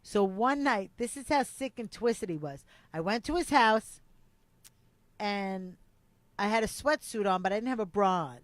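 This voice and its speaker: A woman co-hosting a podcast, telling a personal story in a lively way, acting out the quotes and swearing freely. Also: mid-range voice, a little slow, no room sound. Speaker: podcast co-host. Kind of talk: casual chat, storytelling.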